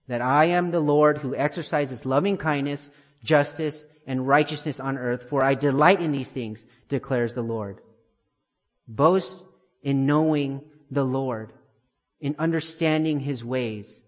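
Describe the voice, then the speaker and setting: A man preaching an expository sermon, emphatic and building to forceful declarations. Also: fairly high pitch, in a large hall.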